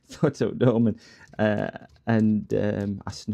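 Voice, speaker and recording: A man's voice: lowish voice, moderate pace, creaky, dark tone. A man chatting casually to his stream while he works on repairs, telling rambling stories with lots of restarts and laughs. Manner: rambling, stop-start storytelling with frequent laughs and restarts. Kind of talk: casual chat while working. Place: workbench at home.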